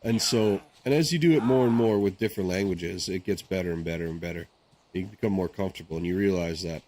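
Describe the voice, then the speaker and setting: A man's voice: low-pitched, quick pace, a little mellow. A man streaming a game, talking casually in a rambling, chatty way and often checking in with "right?". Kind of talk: casual chat while gaming.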